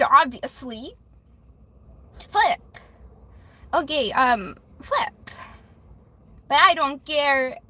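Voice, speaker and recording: A woman's voice: sits high, sharp tone. A woman hosting a livestream, talking in a rambling, emotional way, restarting sentences and saying "flip" instead of swearing. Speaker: livestream host doing readings for viewers. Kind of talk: emotional casual livestream talk.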